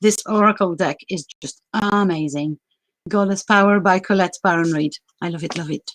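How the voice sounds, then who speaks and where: A woman's voice: fairly low pitch, moderate pace, dry recording, poor audio. A woman hosting a live stream in casual chat, with a mixed international accent whose first languages are French and Greek, laughing often and using many fillers. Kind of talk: casual livestream talk.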